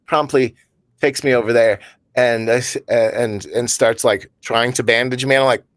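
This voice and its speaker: Steady in tone and mid-range in pitch, this male podcast co-host talks at a moderate pace with no room sound. He tells meandering workplace tales for a comedy show, chuckling at his own punchlines.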